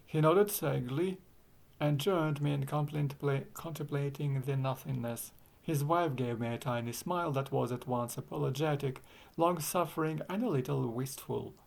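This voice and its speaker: Gravelly male audiobook narrator. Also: medium pitch, normal speed, a little mellow. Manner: wry, dry humor. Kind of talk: audiobook reading.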